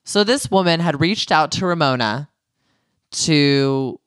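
A podcast co-host recaps a reality show in a casual chat, telling the story with plenty of acted-out quotes. His voice is a little high, bright, clear and resonant, animated but slow, recorded with studio quality and no echo.

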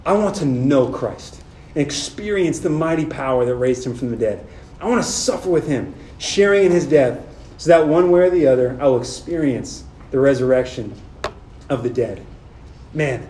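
Young male speaker, high-pitched and animated, casual sermon delivery, echoey room. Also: moderate pace. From Southern California. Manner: casual, animated, talks directly to the audience. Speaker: speaker at a men's retreat.

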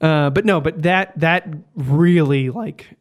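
A man's voice: a little high, slow pace. A man talking casually and emphatically as a podcast co-host. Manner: emphatic, agreeable, uses fillers. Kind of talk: casual chat.

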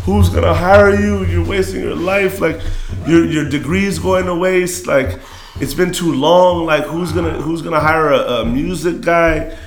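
A man voicing his upset, middle-aged mother who scolds and insists, with his voice pitched up. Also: fairly even intonation, a little slow, echoey room, a little hiss or hum. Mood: scolding.

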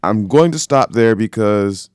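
A man co-hosting a casual sports talk show, making his points slowly and deliberately. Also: fairly low pitch, animated, darkish tone, clean tone, no room sound, clean studio sound. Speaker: podcast co-host.

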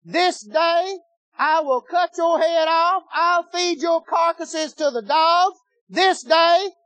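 A man voicing a boastful giant warrior who taunts and threatens in a slow, shouting, mocking voice. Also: extremely high pitch, pitched above the performer's own voice, heavily acted. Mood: threatening.

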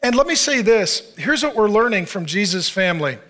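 A man delivers a sermon in a church, loose and conversational rather than formal. His voice sits high and carries a bright edge. He keeps the congregation involved with questions and dry humor. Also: very animated, normal speed. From Arizona, United States. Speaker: pastor.

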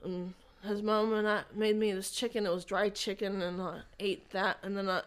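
A woman telling her own faith story to an interviewer, speaking at an ordinary middle pitch. She rambles and halts, often restarting her sentences as she goes. The feel is a relaxed, conversational testimony. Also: clean tone. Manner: rambling, halting, with frequent restarts.

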